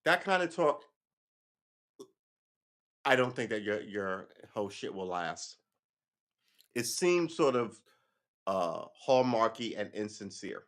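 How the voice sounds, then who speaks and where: A somewhat low-pitched man, casual and sarcastic, reads headlines off a screen and riffs on each one. He wonders aloud and speculates freely in a loose, unscripted way. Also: very animated, slow, pauses often, fairly bright tone. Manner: sarcastic, offhand, thinks aloud. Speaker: commentator reading news headlines. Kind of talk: casual live-stream commentary.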